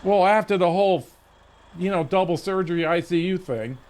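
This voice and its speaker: High-voiced man rambling, swearing. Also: normal speed, a little mellow. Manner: rambling, profane storytelling with restarts. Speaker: game streamer. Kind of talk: casual stream chat.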